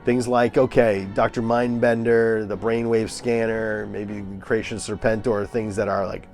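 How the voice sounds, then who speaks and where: A man's voice: fairly low pitch, flat delivery, moderate pace, a little mellow, faint music behind. A man giving a casual, opinionated movie review, ranting and scoffing with lots of fillers and restarts.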